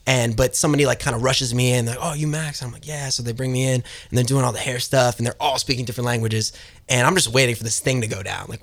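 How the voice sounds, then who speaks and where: A young man spinning a story in a relaxed podcast conversation. He talks quickly and jumps between his own voice and the voices of the people he quotes. His pitch sits in a middle range. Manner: fast, animated storyteller who acts out quoted voices. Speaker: guest. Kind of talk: casual storytelling in a podcast chat.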